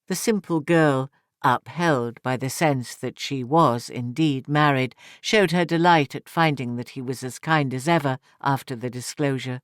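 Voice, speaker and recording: A male audiobook narrator with a mid-range voice reads a classic short story as scripted literary narration. His storytelling is measured and even, in a studio-quality recording with no room sound.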